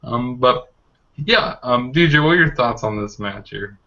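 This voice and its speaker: A man's voice: mid-range voice, lively intonation, a little slow, bright, forceful tone. A young man hosting a casual wrestling review chat, rambling with lots of fillers. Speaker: wrestling show reviewer, host. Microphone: online call mic. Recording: muffled lo-fi call audio.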